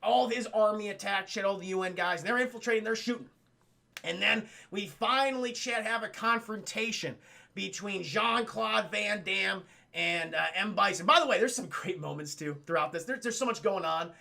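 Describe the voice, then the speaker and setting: Excitable man with a high gravelly voice. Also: normal speed. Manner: excitable, profane, laughing recap. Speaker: film reviewer and streamer. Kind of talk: live-stream film review recap.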